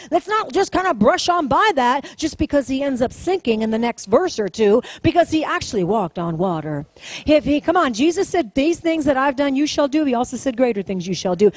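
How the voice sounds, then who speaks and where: In a rough recording with no echo, a high-pitched woman delivers a sermon before her congregation. She's emphatic and repetitive, calling out to the people and getting them to echo her lines.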